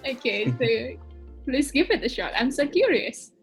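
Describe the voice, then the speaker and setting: High bubbly woman host, indonesian native speaker, slow and giggly, reads out questions. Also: lively intonation, faint music behind. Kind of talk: casual video interview.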